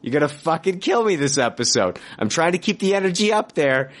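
A man hosting a casual podcast, talking in an animated, profane, mock-outraged way. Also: on the high side, a little fast. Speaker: podcast host.

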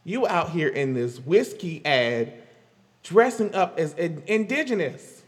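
A man's voice: on the high side, very animated, a little slow, long reverb tail. A man giving rambling, casual pop-culture commentary as a vlogger, laughing often and stammering through restarts.

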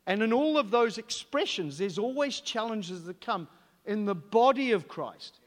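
Male preacher with a high voice, emphatic and direct, in a long-reverb hall. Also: animated, unhurried. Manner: emphatic, rhetorical questions to the congregation. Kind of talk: sermon.

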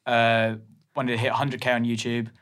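A man's voice: mid-range voice, flat delivery, normal speed, fairly bright tone, clear, resonant tone. A man, a podcast co-host who banters casually, teases, swears and laughs often.

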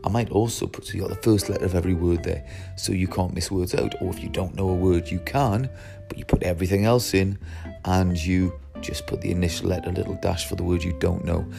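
A man's voice: low-pitched, fairly even intonation, a little fast, vocal fry, over music. A man explaining his language teaching method to teachers, emphatic, asking and answering his own questions.

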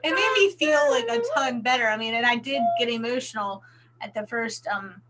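A woman's voice: fairly high pitch, normal speed, heavy background noise. Chatty, rambling woman guest. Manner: chatty, rambling, fillers and restarts, giggly. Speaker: podcast guest. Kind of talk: casual chat.

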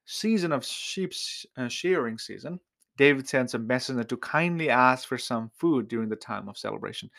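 A man's voice: medium pitch, a bit bright. A man preaching a sermon, talking straight to his listeners and jumping his voice up to act out quoted speech. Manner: talks to the listener directly, with frequent restarts. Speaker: pastor.

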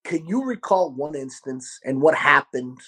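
A man with a Baltimore accent, hosting a podcast and telling a restaurant story in a loud, profane, animated way. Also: a little high, a little slow. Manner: animated, profane, acts out quotes. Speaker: podcast host, restaurant owner. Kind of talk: casual storytelling chat.

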